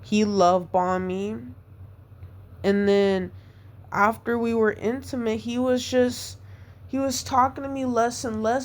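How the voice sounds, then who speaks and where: A woman talking through a painful breakup on her podcast, hurt and rambling, repeating herself as she vents. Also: fairly high pitch. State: upset, devastated. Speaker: podcast host. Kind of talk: personal venting monologue.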